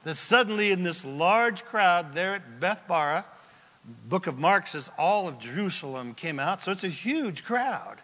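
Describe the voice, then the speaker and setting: A man preaching a sermon as a pastor, telling the story in a lively, joking way and acting out the quotes. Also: high-pitched, measured pace. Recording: long hall reverb from a large room.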